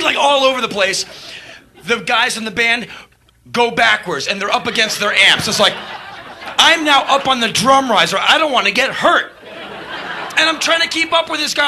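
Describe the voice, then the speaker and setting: A man, a touring rock musician, telling a backstage anecdote with animated, profane energy, acting out scenes. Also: sits high, moderate pace, slight background noise. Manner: animated, swearing, acts out scenes, bursts of laughter and shouts. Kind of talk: storytelling anecdote.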